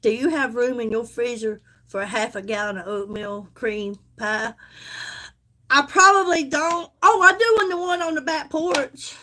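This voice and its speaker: A woman's voice: high-pitched, unhurried, pushed and bright. A woman with a Southern US accent chatting folksily with viewers on a casual live stream, calling them honey as she sells.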